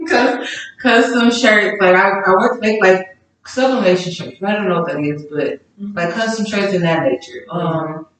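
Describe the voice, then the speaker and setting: A woman's voice: medium pitch, measured pace, fairly bright tone. A woman guest chatting casually on a podcast about her businesses, rambling with fillers and restarts. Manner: rambling, self-correcting with many fillers. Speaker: guest small-business owner. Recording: very echoey room, mic far off.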